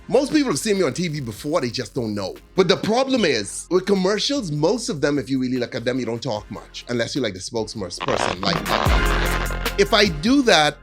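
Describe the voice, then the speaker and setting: A man's voice: fairly high pitch, very animated, normal speed, fairly bright tone, faint music behind. Rambling man telling stories on a podcast. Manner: rambling, checks in with listeners often. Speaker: podcast guest. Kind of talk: casual storytelling chat.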